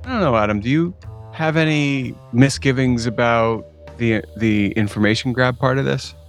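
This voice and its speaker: A man's voice: medium pitch, normal speed, soft background music. A man co-hosting a podcast in casual chat, telling stories animatedly and slipping into mocking voices. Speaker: podcast co-host.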